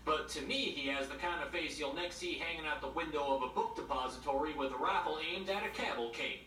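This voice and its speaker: A man playing a smug, rambling backwoods preacher, with a put-on drawl and deadpan insults. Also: a little high, quick pace, a little hiss or hum, voice pushed up. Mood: mock-solemn. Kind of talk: comedy sketch monologue to camera. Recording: roomy echo, slightly distant mic.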